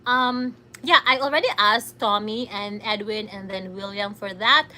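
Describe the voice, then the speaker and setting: A woman's voice: mid-range voice, fairly even intonation, measured pace, sharp tone, a little hiss or hum. A woman with a Filipino accent chatting casually on a livestream, reading comments aloud and giggling often. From Philippines.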